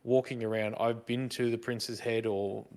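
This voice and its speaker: A man's voice: mid-range voice, little pitch movement, normal speed, a little mellow. A middle-aged man co-hosting a casual podcast chat, rambling fondly through old memories. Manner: fond, rambling reminiscing. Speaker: podcast co-host.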